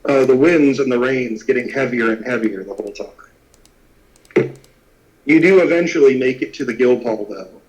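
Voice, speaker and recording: A man narrating a tabletop game as game master, with frequent pauses and filler words. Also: medium pitch, poor audio. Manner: halting, many filler words.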